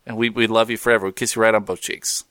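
A man's voice: fairly low pitch, fast, no room sound, studio quality. A man co-hosting a podcast, bantering casually and laughing easily. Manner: animated, joking, laughs easily. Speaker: podcast co-host.

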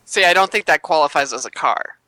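A man co-hosting a podcast, full of goofy teasing banter. His voice sits a little high, bright and very lively in pitch. It sounds close and dry. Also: brisk, dry recording. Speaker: podcast co-host. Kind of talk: casual podcast chat.

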